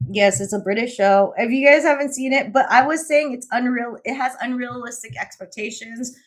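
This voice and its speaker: A woman's voice: fairly high pitch, normal speed. A woman live-streaming, chatting casually and laughing often, swearing and teasing herself. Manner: laughs often, swears, bubbly self-mocking.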